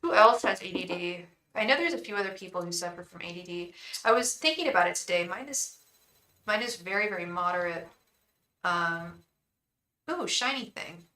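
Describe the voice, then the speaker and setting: Woman tarot reader rambling on a livestream, bright sharp voice, chatting with viewers. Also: lowish voice, animated, fast talker, rough recording. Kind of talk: casual livestream chat.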